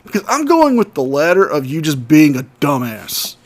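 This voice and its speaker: A man's voice: on the high side, wildly swooping pitch, normal speed, background noise. A man giving scornful, sarcastic commentary over video clips. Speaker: commentary host.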